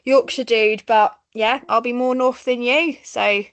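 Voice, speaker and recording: Essex woman in her thirties, bubbly podcast co-host, pitch a touch high, laughs a lot. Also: steady tone, a little slow. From Essex, England. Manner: bubbly, laughs often, chatty with fillers. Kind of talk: casual chat.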